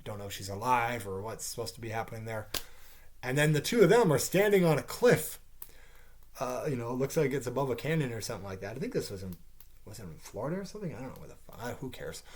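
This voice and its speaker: A man's voice: medium pitch, lively intonation, fast. A caffeinated man ranting through a profane TV series review, swearing heavily and sounding exasperated. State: caffeinated, wired.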